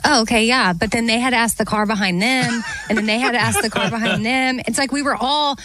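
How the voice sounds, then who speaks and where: A woman co-hosting a radio show, telling a story in an animated way and lifting her voice when quoting herself. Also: on the high side, a little fast, over music. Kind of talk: casual on-air storytelling.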